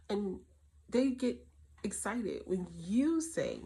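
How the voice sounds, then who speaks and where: Middle aged mom hosting a casual advice talk, lowish voice, tells stories and does everybody's voices. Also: female voice, normal speed. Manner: animated storyteller, acts out her kids' and her own voices. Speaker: host.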